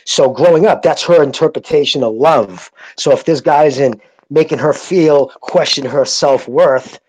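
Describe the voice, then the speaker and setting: A man's voice: fairly high pitch, a little slow, darkish tone, low-quality recording. A man in a casual podcast chat who makes his points emphatically. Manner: emphatic, opinionated.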